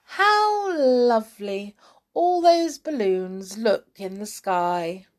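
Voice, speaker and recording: A woman's voice: fairly high pitch, lively intonation, drawn-out words. A woman voicing a nasty, scheming old husband in a storybook reading, with a sly, mock-sweet gloating manner.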